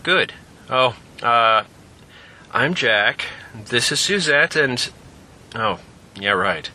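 A man's voice: mid-range voice, animated, drawn-out words, sharp tone, exaggerated voice. A man doing an offhand, easygoing driver. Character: laid-back young man, a driver.

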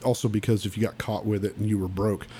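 Speaking fast and flat in a warm, low-leaning voice, a guest musician from Oklahoma bluntly recounts youthful stories in a casual podcast interview. He restarts frequently and stresses his points hard; a little hiss or hum is audible.

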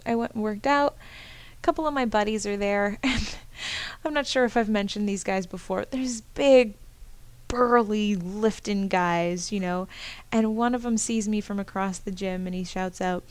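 A woman's voice: mid-range voice, clear, resonant tone, no room sound. A woman hosting a personal podcast monologue, candid and self-deprecating, often laughing at herself. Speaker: podcast host.

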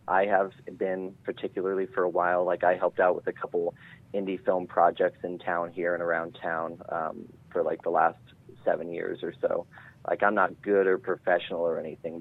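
A man, a game master guest, chatting casually and hesitantly on a podcast. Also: deep voice. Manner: hesitant, many fillers and restarts. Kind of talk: casual chat. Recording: tinny phone-like line.

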